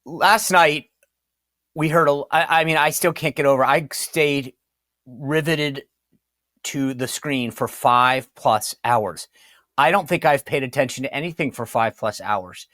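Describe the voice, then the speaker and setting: A man's voice: mid-range voice, a little slow, pushed and bright, no room sound, studio quality. Chatty man reading host ads. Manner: chatty, loose, stumbles over words. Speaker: podcast host. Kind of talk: casual host talk with ad reads.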